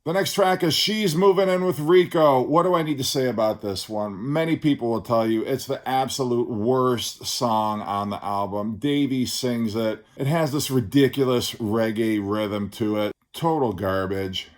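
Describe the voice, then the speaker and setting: Male record-review host, mid pitch, blunt, sarcastic, salty language. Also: moderate pace, few pauses. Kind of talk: casual album review.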